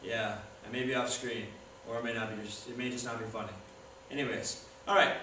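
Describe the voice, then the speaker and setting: A man's voice: medium pitch, steady tone, fairly quick, bright, forceful tone. A young man chatting casually in a joking, self-deprecating way as he films himself. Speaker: video maker. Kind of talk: casual self-filmed tutorial talk. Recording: echoey room from far off, faint noise.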